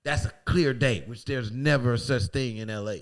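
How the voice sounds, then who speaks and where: A young man co-hosting a podcast, telling a profane, animated story and acting out what people said. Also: medium pitch, moderate pace. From from a city outside LA. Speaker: podcast co-host. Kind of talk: casual storytelling chat.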